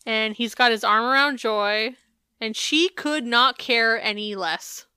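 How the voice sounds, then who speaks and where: A woman co-hosting a podcast in casual chat, animated and swearing freely. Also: a little high, unhurried, clear, resonant tone, no echo. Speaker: podcast co-host.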